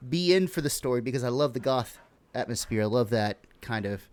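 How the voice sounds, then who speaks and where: A man's voice: mid-range voice, lively intonation, fairly quick, clean tone. A young man co-hosting a podcast, rambling in a laid-back way and swearing freely. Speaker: podcast co-host. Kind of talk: casual podcast chat.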